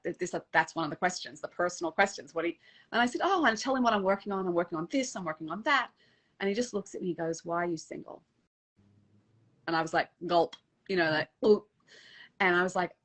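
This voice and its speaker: A middle-aged woman, a dating coach, telling a personal story in a casual interview, animated and emotional, acting out the quotes. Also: on the low side.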